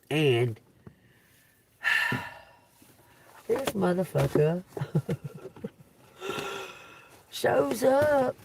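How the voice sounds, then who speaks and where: A woman streaming live from her phone, telling a story in an animated, emphatic and profane way. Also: fairly low pitch, measured pace, vocal fry, long pauses, slight background noise. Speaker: livestreaming tarot reader. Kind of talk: casual livestream storytelling.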